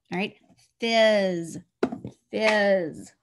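A woman teaching a phonics lesson to children, slowly and patiently sounding out letters and words. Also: mid-range voice, a bit bright.

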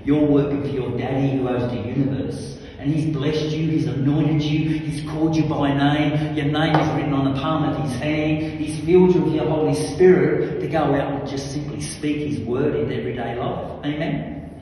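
Fervent preacher in echoey hall. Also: male voice, fairly high pitch, steady tone, normal speed. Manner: fervent, swings from soft asides to loud commanding shouts. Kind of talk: charismatic sermon. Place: large hall with long echo. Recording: echoey hall from far off, faint ambience.

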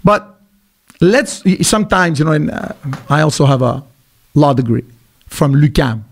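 Animated, blunt middle-aged man. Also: fairly high pitch, moderate pace, vocal fry. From Quebec, Canada. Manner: animated, emphatic storytelling with blunt asides. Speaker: podcast guest, businessman. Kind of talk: casual podcast conversation.

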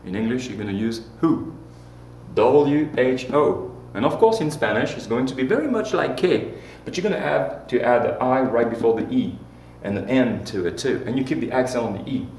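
A man's voice: mid-range voice, darkish tone. A man teaching a lesson, playful and joking, leading repeat-after-me drills. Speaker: Spanish teacher. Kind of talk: classroom lesson. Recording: roomy echo with faint hum.

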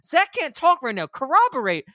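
A man co-hosting a casual film podcast, excitable and jokey, mocking scenes with exaggerated quotes. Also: very high-pitched, moderate pace, no room sound. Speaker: podcast co-host. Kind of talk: casual comedic film discussion.

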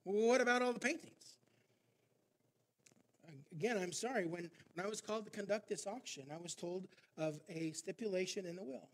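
Insistent auctioneer, read by a pastor in a high male voice, pushes with repeated questions. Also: normal speed, a little hiss or hum. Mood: calm.

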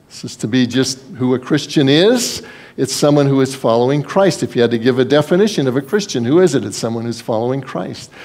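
A pastor preaching a sermon, his voice sitting at a middle pitch for a man. He talks earnestly and conversationally, leaning on folksy asides as he goes. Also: a little mellow.

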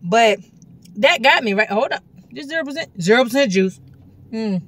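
A woman doing a casual taste-test vlog at a gas station. She talks in a slangy, animated way and bursts into loud exclamations. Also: fairly high pitch, moderate pace. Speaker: vlogger reviewing a soda.

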